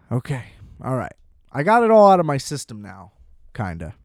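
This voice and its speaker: A man's voice: medium pitch, wildly swooping pitch, normal speed, dry recording, clean studio sound. A young adult man telling a rambling, sardonic storytime monologue from a small room at home, full of self-deprecating asides. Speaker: solo storyteller. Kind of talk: casual comedic storytime monologue.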